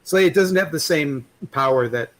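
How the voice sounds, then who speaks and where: A man's voice: fairly high pitch, normal speed, fairly bright tone, rough recording. A man talking as a guest in a casual chat, rambling and swearing, with many restarts and fillers.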